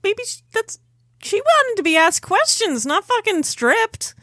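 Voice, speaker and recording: A woman's voice: very high voice, big pitch swings, measured pace, a bit bright, dry recording, studio quality. A woman co-hosting a casual podcast, wry and blunt, swearing freely. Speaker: podcast co-host. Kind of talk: casual chat.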